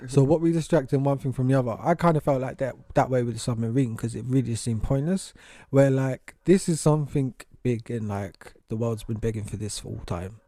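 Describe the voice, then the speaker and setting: Male podcast co-host, middle pitch, warm mellow tone, dry close recording, casual and profane. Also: moderate pace, dry recording. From England. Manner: animated, swears freely, acts out voices of other people. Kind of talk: casual chat. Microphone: podcast studio mic.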